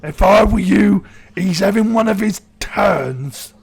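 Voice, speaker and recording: A man voicing a calm, measured male orc advisor who speaks in a cautioning tone. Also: high-pitched, gravelly, slightly rough, pitched above the performer's own voice, exaggerated voice.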